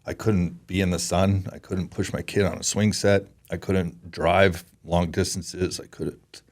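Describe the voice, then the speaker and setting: A man's voice: deep voice, little pitch movement, measured pace, darkish tone. A man in his forties from Canada, a podcast guest who speaks in an earnest, emotional way and often halts and restarts. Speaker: podcast guest, former pro hockey player. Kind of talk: candid interview talk.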